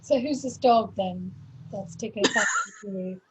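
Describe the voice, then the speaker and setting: A woman's voice: medium pitch, moderate pace, a little hiss or hum, low-quality recording. A woman hosting an interview who asks friendly, thoughtful questions. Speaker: interviewer host. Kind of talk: conversational interview.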